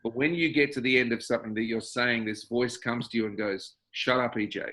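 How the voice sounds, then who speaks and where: A man's voice: mid-range voice, steady tone, brisk, fairly bright tone. A man with an Australian accent, a guest musician talking casually and wryly, building his points in lists. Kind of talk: casual conversation.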